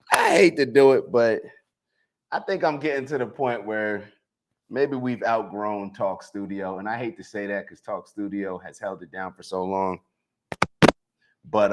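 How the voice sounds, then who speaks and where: A man hosting a casual livestream, lively and full of shout-outs to viewers, talking into a handheld mic. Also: on the low side. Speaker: host.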